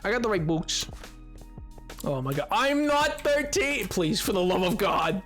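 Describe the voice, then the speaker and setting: A man streaming a game live and chatting with his viewers, hoarse from hours of talking, animated and self-mocking, breaking into laughter often. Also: high voice, unhurried, soft background music. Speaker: livestreamer. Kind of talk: casual gaming livestream chat.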